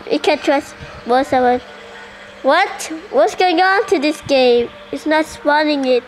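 High-voiced, excitable female gamer. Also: slow pace, a little hiss or hum, poor audio. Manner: excitable, full of surprised questions. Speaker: gaming channel host. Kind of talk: casual gameplay commentary.

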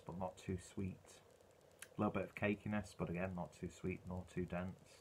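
A man's voice: low voice, slight background noise. A man reviewing a beer in a casual, rambling way, full of ums and uhs.

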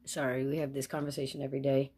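A woman's voice: very deep voice, flat delivery, racing, warm tone, slight background noise. A sick woman making a casual ASMR video at home, chatting and getting distracted by her pet bird. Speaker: ASMR vlogger.

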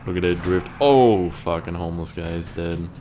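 A young man giving rambling, profane gameplay commentary, breaking into yells at the game. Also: deep voice, moderate pace, a little hiss or hum. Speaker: gaming YouTuber.

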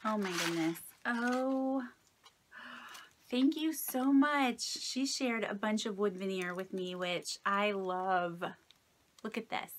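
A woman in her late thirties, with a mid-range voice and a slow pace, opens gifts from friends on her craft vlog. She's soft-spoken but gushing and delighted as she thanks each sender in this casual mail-opening video. A little background noise is audible.

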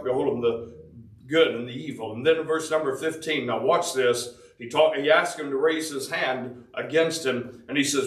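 A man preaches a devotional sermon, reading scripture in old-fashioned Bible wording and then explaining it. His voice is bright and forceful. It rings through an echoey room, picked up from some distance off the mic. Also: on the high side, moderate pace.

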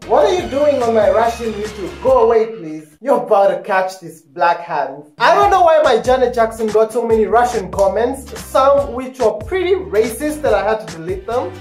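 A young man from Kenya, hosting a casual Q&A vlog in a sassy, dramatic manner and swearing freely. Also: very high-pitched. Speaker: YouTuber. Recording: echoey room with faint music.

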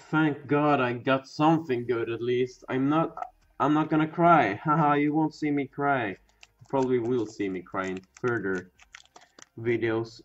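A young man talks slowly and loosely while he opens card packs, rambling, swearing and breaking into loud excitement at times. The recording sounds dull and lo-fi, with faint music underneath. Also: mid-range voice. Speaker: pack-opening video host. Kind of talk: casual card-opening commentary.

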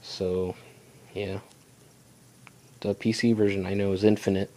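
A man's voice: low-pitched, little pitch movement, a little slow, dark tone. A young man giving rambling, casual commentary while playing a video game. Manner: rambling, chatty, self-talk while playing. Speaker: gaming channel host. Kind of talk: casual let's play commentary.

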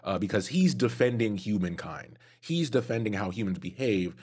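A man with a low, husky voice co-hosting a casual lore podcast. He recaps the story in an easygoing, agreeable way. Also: animated, normal speed, darkish tone. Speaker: podcast co-host.

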